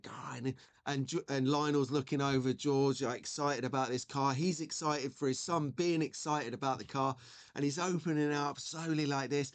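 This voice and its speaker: A man in his forties hosting a live stream, chatting in a rambling way and reading out viewer messages. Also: fairly high pitch. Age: 40s. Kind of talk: casual live-stream chat.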